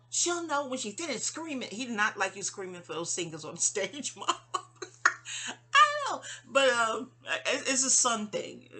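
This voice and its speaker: Middle-aged new lady rambling on to her mom, husky but bright voice, lots of restarts. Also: medium pitch. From New York. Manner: rambling, digressive, candid, stumbling restarts. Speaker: vlogger. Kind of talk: personal monologue addressed to her mother.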